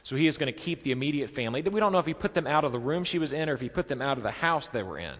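Man preaching in a reverberant hall. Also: racing. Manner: expressive preaching, drops his voice low for quoted lines. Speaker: pastor. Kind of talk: sermon.

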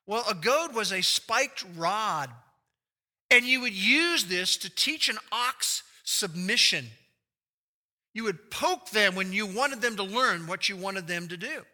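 A man's voice: high voice, animated, measured pace. A man preaching an expository sermon, explaining scripture and putting rhetorical questions to his listeners. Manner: acts out quoted speech with big shifts in loudness. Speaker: pastor.

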